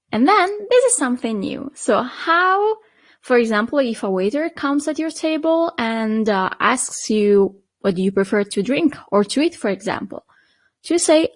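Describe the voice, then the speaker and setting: A woman with an Italian accent teaching an online Italian lesson, patient and checking in often with quick questions to the learner. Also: a little high, no room sound. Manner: patient, checks in with frequent "okay?" and "perfect".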